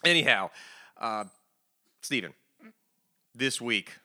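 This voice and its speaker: A man hosts a casual podcast, chatty and upbeat, laughing easily between topics. His voice is very bright and forceful, at a middle pitch for a man. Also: animated, slow. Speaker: podcast host. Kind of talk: casual comics news chat.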